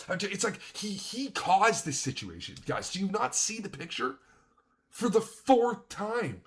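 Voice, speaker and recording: A man's voice: sits high, very animated, normal speed, fairly bright tone. A man streaming a reaction, ranting angrily and swearing as he comments on a video. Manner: angry, profane ranting.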